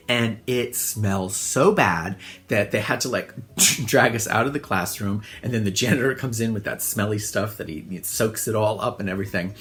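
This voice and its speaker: A middle-aged man telling funny childhood stories in a relaxed monologue, self-deprecating and often laughing. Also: on the low side. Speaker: host. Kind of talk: casual storytelling monologue.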